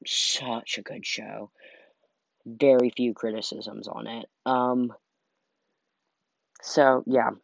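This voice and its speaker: A man's voice: medium pitch, steady tone, takes it slowly, creaky, long pauses, no room sound. A tired young man chatting loosely on his own podcast, rambling and saying "like" a lot. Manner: rambling, heavy use of "like", trails off. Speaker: solo podcaster. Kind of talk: casual rambling chat. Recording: dull lo-fi dry recording.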